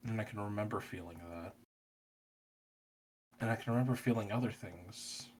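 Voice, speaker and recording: Low-ish guy doing in-character rpg talk, halting, trails off a lot, bit of faint hiss behind. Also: darkish tone. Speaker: tabletop player in character. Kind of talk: in-character roleplay.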